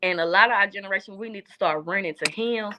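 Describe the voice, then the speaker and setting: Earnest young Southern woman, bright voice. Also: mid-range voice, quick pace. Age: young adult. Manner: earnest, heartfelt, repeats phrases for emphasis. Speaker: guest. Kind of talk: casual chat.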